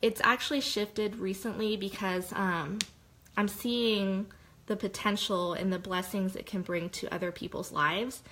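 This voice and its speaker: A woman's voice: medium pitch, fairly even intonation, unhurried, fairly bright tone, slight background noise, rough recording. Young woman, mid-height voice, open and heartfelt testimonial, chatty and rambling. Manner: candid, heartfelt, rambling with lots of "like". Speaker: direct-sales consultant. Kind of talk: personal testimonial monologue.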